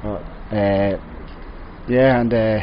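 Hesitant fan, muffled audio. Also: male voice, on the low side, steady tone, slow pace, slight background noise. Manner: hesitant, many fillers. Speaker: interviewed fan. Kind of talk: casual interview answers.

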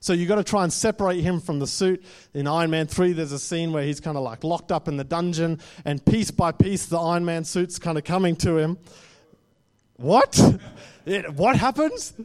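A male preacher giving a sermon to a live congregation. His voice sits a little higher than most men's, and he talks in an easygoing, conversational way, often tagging his points with a quick question. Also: fairly even intonation, a little mellow, clean tone. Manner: conversational, often tags lines with "right?".

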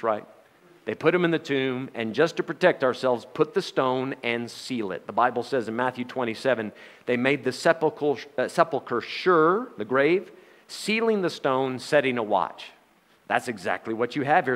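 A man's voice: medium pitch, fairly bright tone. A man preaching a sermon in a folksy, joking manner, with frequent laughs.

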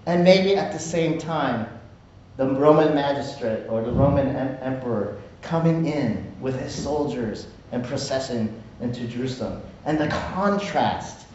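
A man's voice: mid-range voice, expressive, a little slow, a little mellow, lo-fi sound, slight background noise. Man preaching in an echoey room, far off. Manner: conversational, asks "right?" often. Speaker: pastor. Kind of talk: sermon.

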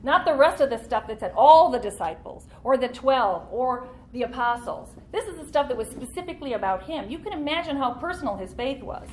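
A woman's voice: high voice, expressive, fairly quick, hardly any pauses, slight background noise. A woman teaching a church Bible study class in an earnest, conversational way, leaning into key points.

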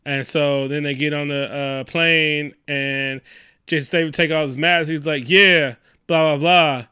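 Casting: male podcast co-host, lively and crude, bright forceful voice, dry close sound. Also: on the high side, measured pace, clear, resonant tone, no room sound. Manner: animated, profane, acts out quotes in silly voices. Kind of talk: casual movie recap chat.

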